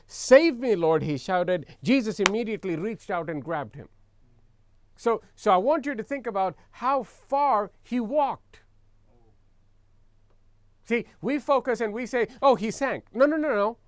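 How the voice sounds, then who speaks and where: A man's voice: high-pitched, dry recording. A man preaching a sermon as pastor, reading scripture aloud and explaining it with emphatic repetition, leading the congregation in call-and-response.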